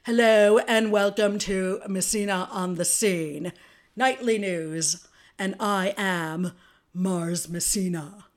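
A woman's voice: mid-range voice, slow, lightly acted. A woman doing a grand TV talk-show hostess. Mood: showy. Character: grand female TV talk-show host greeting viewers.

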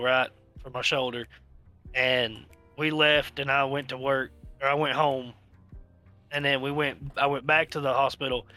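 A man's voice: medium pitch, pushed and bright. A man telling long, rambling stories in casual chat, swearing freely as he goes. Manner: profane, rambling storyteller. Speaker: podcast co-host telling stories.

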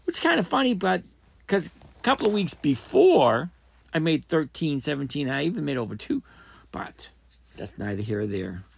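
Gravelly-voiced man rambling through a podcast. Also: a little high, sing-song, normal speed, no echo. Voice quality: gravelly, husky. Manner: rambling, self-correcting, thinking aloud. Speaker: podcast host. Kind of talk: casual trading podcast talk.

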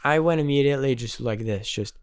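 A laid-back man trades wry, profane asides in a casual podcast chat about a film. His voice is smooth and clear at a middle pitch, captured dry and close with no echo. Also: fast. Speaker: podcast co-host discussing a film.

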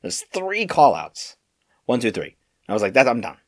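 A young man co-hosting a podcast, telling work stories in a rambling, animated way with lots of fillers and restarts. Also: mid-range voice, moderate pace. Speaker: podcast co-host. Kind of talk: casual storytelling chat.

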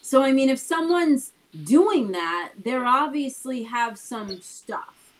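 Her voice is high and animated, her pace slow, and the audio poor. As host of a relaxed talk show, she explains things earnestly, talking them through and asking "right?" again and again.

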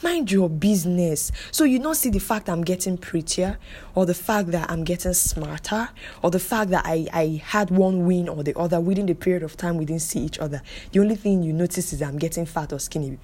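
A woman's voice: lowish voice, a little fast, dark tone. A young woman hosting her own podcast, talking emphatically and repeating phrases to drive her point home. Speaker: podcast host. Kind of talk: solo podcast monologue.

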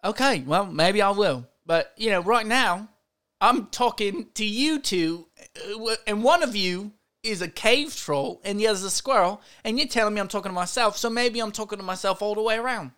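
Insecure young man, played by a woman; defensive, sliding British accent, smooth clear tone. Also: mid-range voice, normal speed, fairly bright tone, natural voice. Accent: put-on wavering British.

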